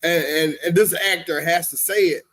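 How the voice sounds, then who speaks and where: A man co-hosting a podcast in casual chat, halting and repeating words as he talks, and laughing often. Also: on the high side, steady tone, a bit bright. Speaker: podcast co-host.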